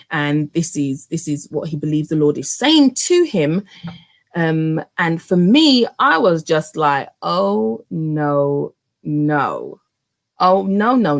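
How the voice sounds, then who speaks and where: A woman in her thirties telling a personal story to her viewers, animated, with many fillers and restarts. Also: sits low.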